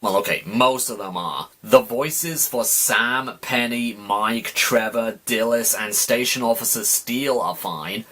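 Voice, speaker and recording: Male reviewer, bright timbre, sarcastic and fed-up voice-over. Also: mid-range voice, unhurried, hardly any pauses. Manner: exasperated and sarcastic. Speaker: YouTube reviewer. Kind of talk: ranting voice-over commentary.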